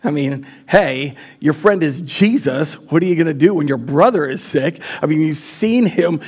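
A man's voice: on the high side, animated, moderate pace, a little mellow, slightly rough. A man preaching a live sermon as pastor in a church, casual and chatty, with many fillers.

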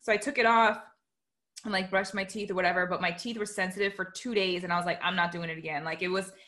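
A woman with a bright, crisp voice at an ordinary pitch for a woman. She chats in an easygoing way, relaxed and ready to laugh. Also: fast talker. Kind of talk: casual chat.

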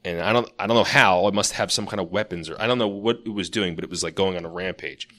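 A man's voice: low-pitched, quick pace, a bit bright. A man co-hosting a podcast, casually telling a long dream story, full of "like" and restarts. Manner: rambling storyteller, lots of "like". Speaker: podcast co-host.

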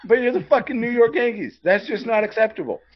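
A man's voice: very high-pitched, lively intonation, fast talker. A man co-hosting a sports podcast, delivering a heated, profane rant. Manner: profane, fired-up ranting. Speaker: podcast co-host. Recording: dull lo-fi podcast audio.

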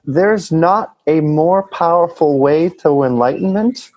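Husky-voiced man, earnest spiritual chat. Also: fairly high pitch, slow pace, dry recording, poor audio. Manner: animated, swearing, earnest. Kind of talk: casual spiritual conversation.

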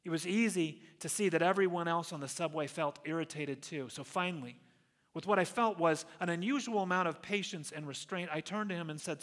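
A male pastor preaching a sermon in an earnest storytelling way, slowing down to stress key phrases. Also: a little high, fairly bright tone. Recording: long reverb of a large hall.

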